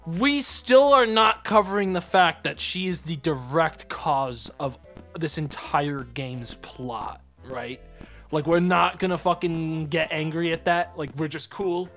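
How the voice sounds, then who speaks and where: A man's voice: sits high, measured pace, a bit bright. A young man streaming a kids' game, sarcastic and profane, mocking the characters. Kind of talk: casual let's-play commentary. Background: game music.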